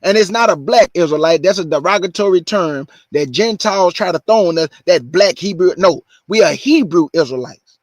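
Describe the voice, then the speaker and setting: A man hosting his show, preaching, repeating his points slowly for stress. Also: sits high, expressive, no room sound. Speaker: show host. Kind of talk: preaching monologue.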